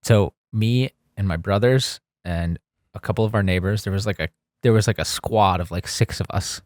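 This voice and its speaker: Lively low-voiced man telling a story. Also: normal speed, no room sound, clean studio sound. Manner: animated storyteller, laughs through the punchlines. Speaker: podcast co-host. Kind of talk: casual storytelling chat. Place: studio.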